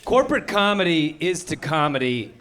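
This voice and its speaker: A middle-aged male comedian tells a story in a dry, sardonic way from a comedy club stage. His voice sits a little high, and he acts out every quote. The audience noise comes through clearly on his handheld mic. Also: big pitch swings, normal speed. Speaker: stand-up comedian. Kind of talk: stand-up comedy set. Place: comedy venue with live audience. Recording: live audience laughter behind.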